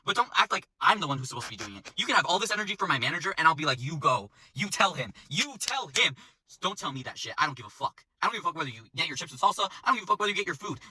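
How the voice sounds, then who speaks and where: Guy server venting his shift, talks super fast, bright edgy voice, swears constantly. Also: fairly high pitch, expressive, slightly rough, dry recording, rough recording. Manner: profane, exasperated ranting. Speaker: restaurant server. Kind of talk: casual storytime rant.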